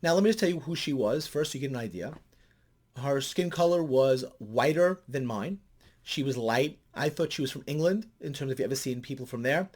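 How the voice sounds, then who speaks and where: Animated middle-aged male counselor. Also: fairly quick. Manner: animated storyteller, voice climbing high when excited. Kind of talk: commentary vlog.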